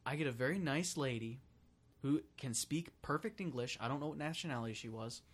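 Young male co-host, mid-pitched, blunt casual talker. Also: a little fast, slightly rough. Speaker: podcast co-host. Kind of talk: casual chat.

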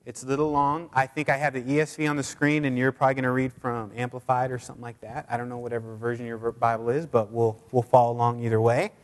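A man's voice: mid-range voice, flat delivery, quick pace, few pauses. Casual preaching man in a reverberant hall. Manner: conversational preaching with many fillers and repeats. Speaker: pastor. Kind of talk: sermon and prayer. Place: church sanctuary.

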